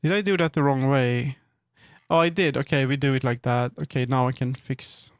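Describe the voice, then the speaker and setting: A man's voice: mid-range voice, steady tone, moderate pace, clear, resonant tone, dry recording. A man chatting casually on a live stream, thinking aloud and correcting himself as he works. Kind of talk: casual live-stream chat while working.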